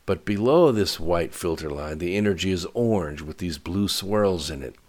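A man voicing a tense military technician who reports in a quick, clipped way. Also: sits low, animated, darkish tone. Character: tense male military technician at his screen.

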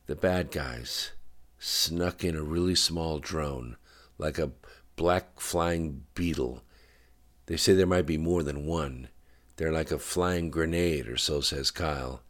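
A man with a very deep voice voicing a calm, careful husband sitting at his wife's hospital bed. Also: slow. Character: gentle worried husband, guarded with bad news.

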